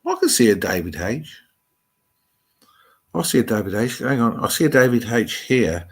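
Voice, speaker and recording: A man's voice: mid-range voice, very animated, moderate pace, slightly rough. A middle-aged man with an English Midlands accent, hosting a live stream and chatting loosely with viewers' comments, rambling as he thinks aloud.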